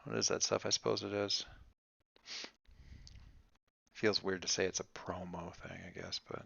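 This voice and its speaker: A man's voice: low-pitched, flat delivery, normal speed, vocal fry, bright, forceful tone, no echo, muffled recording. A man running a tabletop game online, chatting casually and joking offhand before play begins. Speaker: game master. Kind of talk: casual pre-game chat.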